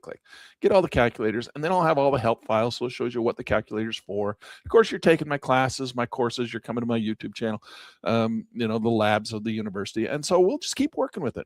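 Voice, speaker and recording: A man teaching high-yield investing as he walks through calculators on screen, animated and repetitive, with self-mocking asides. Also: no room sound. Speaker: finance educator. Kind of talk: casual screen-share tutorial.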